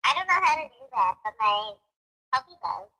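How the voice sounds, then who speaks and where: A woman's voice: high-pitched, big pitch swings, moderate pace, bright, forceful tone. A woman in casual chat, playful and giggly.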